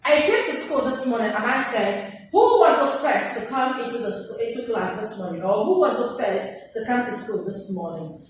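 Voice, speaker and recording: A woman teacher giving a classroom vocabulary lesson, animated and acting out her examples in sing-song voices. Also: a little high, moderate pace, a little hiss or hum. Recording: very echoey room, mic far off.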